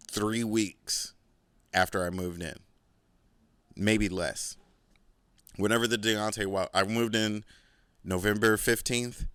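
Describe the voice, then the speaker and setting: Low-voiced man telling a rambling story. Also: a bit bright, clear, resonant tone, no echo, studio quality. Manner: rambling and profane, heavy use of "like"; laid-back, boastful asides. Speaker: podcast host. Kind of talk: casual storytelling monologue.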